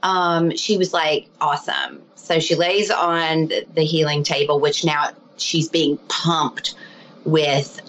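A woman telling stories as a healer guest in a casual interview, animated and chatty with lots of fillers. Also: low voice, slow pace, rough recording. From lives abroad, not local.

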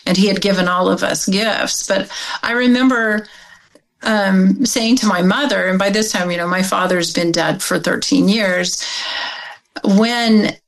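A middle-aged woman from Oregon, a guest telling a personal story in an interview, animated and acting out the dialogue she quotes. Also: mid-range voice, a little slow, gravelly, rough recording.

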